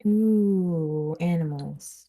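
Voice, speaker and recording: A young woman co-hosting a podcast, chatting in a relaxed, rambling way and laughing along. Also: fairly low pitch, extremely slow. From Canada. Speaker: podcast co-host. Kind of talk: casual chat.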